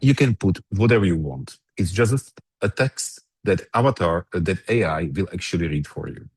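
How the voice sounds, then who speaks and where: A man with a low, husky voice leads an online workshop. He walks through a software demo step by step, often restarting his phrases. His computer mic sounds dry and close. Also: expressive, moderate pace, dry recording. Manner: explains step by step, with frequent restarts. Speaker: workshop presenter.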